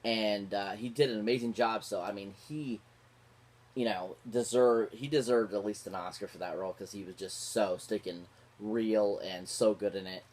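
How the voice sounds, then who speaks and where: A man's voice: fairly low pitch, fairly even intonation, moderate pace, darkish tone. A man giving a casual, rambling film review, gushing about the actors with constant fillers and restarts. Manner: gushing, repeats favourite words. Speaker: movie reviewer.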